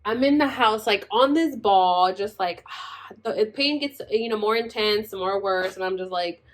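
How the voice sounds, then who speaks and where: A woman's voice: mid-range voice, a little slow. A young adult woman telling a long personal story in casual chat, rambling, full of "like" and exasperated asides.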